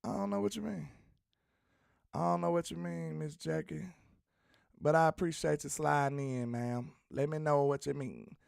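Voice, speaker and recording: A man's voice: fairly high pitch, moderate pace, vocal fry, clear, resonant tone, dry recording, clean studio sound. A man hosting a sports talk show, chatting casually and teasing viewers as he reads out their comments. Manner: animated, slangy, teasing the chat.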